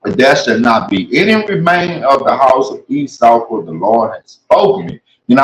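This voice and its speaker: Slangy preaching man in an echoey room. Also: fairly high pitch. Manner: slangy, conversational, reads scripture aloud then riffs on it. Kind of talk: casual street-style Bible teaching.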